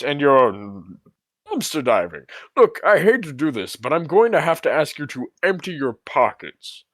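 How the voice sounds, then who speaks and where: In an amateur play reading, a man voices a fussy, mock-stern middle-aged school principal. His medium-pitched voice is fairly bright, with no echo.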